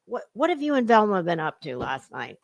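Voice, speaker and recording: A woman's voice: mid-range voice, very animated, fairly quick, no echo. A middle-aged woman hosting sarcastic reaction commentary, mocking and profane, slipping into put-on voices. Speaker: commentary host.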